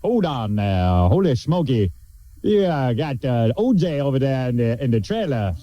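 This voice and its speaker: A male radio host bantering in a mocking, animated way and laughing often. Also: medium pitch, moderate pace, no echo, dull audio.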